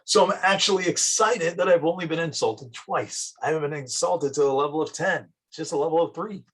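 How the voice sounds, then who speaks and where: A relieved young man talks himself into feeling fine, his husky voice climbing high and eager, as a teacher puts him on. He rationalizes out loud. The voice has a breathy edge throughout. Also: brisk.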